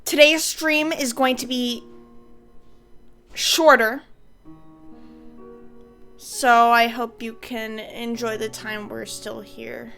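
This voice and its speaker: A woman streaming a game, chatting casually, rambling and swearing, with sudden loud high-pitched complaints. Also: level tone, slow pace, pauses often, faint music behind. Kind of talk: casual gaming stream chat.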